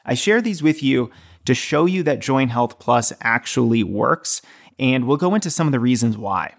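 A man's voice: mid-range voice, expressive, moderate pace, gravelly. A man hosting a running podcast, talking in an enthusiastic, friendly way with some filler words. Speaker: podcast host. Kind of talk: casual podcast interview.

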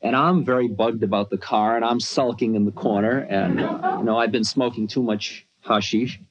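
A man's voice: lowish voice, normal speed, noisy background. A man telling a personal story in a conversational, self-mocking way, with many asides. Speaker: spiritual teacher. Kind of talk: storytelling talk. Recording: dull lo-fi archive recording.

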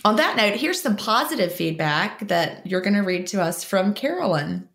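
A woman's voice: medium pitch, very animated, moderate pace, a bit bright. A woman co-hosting a podcast, talking in earnest, reassuring casual chat. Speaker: podcast co-host.

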